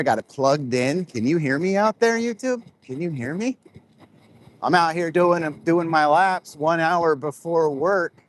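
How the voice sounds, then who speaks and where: A vlogger with a voice on the high side walks laps outdoors, chatting and rambling to his viewers and addressing them directly. He speaks into a clip-on mic close to his face, and a little hiss or hum is audible.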